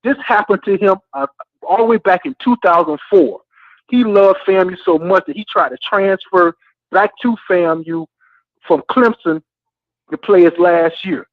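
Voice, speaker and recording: A man's voice: high-pitched, no room sound. A man calling in to a talk show, ranting with frustration and passion and repeating "man" again and again. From Florida A&M alumnus. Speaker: caller. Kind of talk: heated call-in rant. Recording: tinny phone line.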